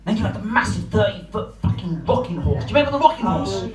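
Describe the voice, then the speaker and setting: Crude high-voiced comic in a room. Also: male voice, lively intonation, fast, a crowd in the background. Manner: crude, swearing, shouting voices for punchlines. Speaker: stand-up comedian. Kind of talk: stand-up comedy set. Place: comedy club stage. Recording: echoey room, from far off. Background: laughing audience.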